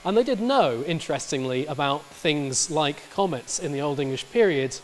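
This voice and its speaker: Lecturing man, slightly high voice, um-filled. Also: animated, moderate pace, slight background noise. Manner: explanatory, many fillers and restarts. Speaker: university lecturer. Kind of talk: recorded lecture.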